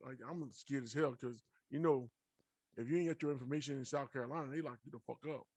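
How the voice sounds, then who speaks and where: Profane, animated young man telling stories. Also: a little high, fast talker, no echo. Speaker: podcast host. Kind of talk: casual storytelling.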